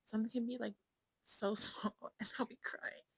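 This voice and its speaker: Her voice is a little high and a bit bright, slightly rough, with little pitch movement at a moderate pace. She's a woman in her twenties vlogging casually to her phone camera at home, rambling, frank, self-absorbed and often whispering. Audio is poor and dry.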